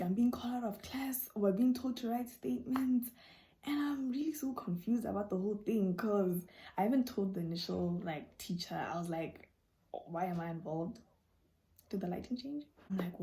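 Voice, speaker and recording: Answering viewer questions and sharing stories, this young female vlogger keeps things casual and animated, suddenly shifting her voice to play out dialogue. Her voice is mid-range, with slight background noise in the recording.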